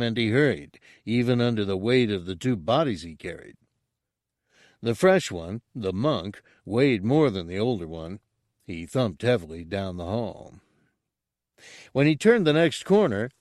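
A man's voice: lowish voice, a little mellow, no echo. Man narrating an audiobook, dry and close. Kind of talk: scripted story narration.

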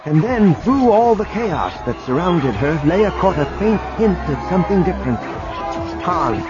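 A man narrates an audiobook with a lively, rising and falling delivery. His reading is dramatic and expressive. Music runs under a dull, lo-fi recording. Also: sits high, normal speed. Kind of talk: scripted narration.

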